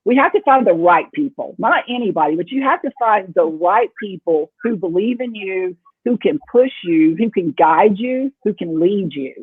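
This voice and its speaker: A woman's voice: mid-range voice, expressive, moderate pace, hardly any pauses, breathy edge, no room sound. A woman talking as a real estate team leader on a video-call panel. She is upbeat and earnest, with a playful streak. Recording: tinny phone-like call audio.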